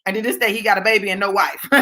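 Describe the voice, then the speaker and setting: A woman talking straight to her viewers in a casual storytelling monologue, swinging from low asides to high exclamations and checking in with "right?". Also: steady tone, fast, pushed and bright. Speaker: vlogger.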